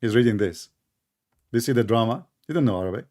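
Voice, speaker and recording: A man hosting a heated live debate, arguing sarcastically in non-native English and repeating his points slowly. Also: medium pitch, expressive, mellow. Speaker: debate show host.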